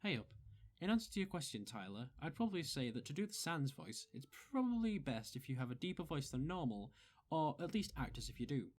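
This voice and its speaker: Guest tutor, man; calm, methodical explainer. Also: a little high, fairly quick. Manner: methodical, instructive. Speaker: guest giving voice advice.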